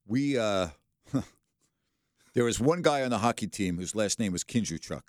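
A man's voice: lowish voice, unhurried, no echo, clean studio sound. A man hosting a sports radio show, chatting casually and telling stories with laughter. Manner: animated storyteller, laughs while telling. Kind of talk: casual radio chat and storytelling. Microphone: studio microphone.

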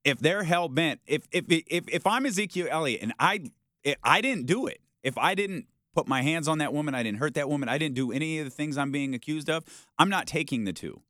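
A man hosting a sports talk show, debating with a lively, swinging delivery. He argues his point in a casual, conversational way and acts out other people's reactions. The sound is dry and close to the microphone. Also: fairly high pitch, a little fast, no room sound. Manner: animated, argumentative, acts out quoted reactions.

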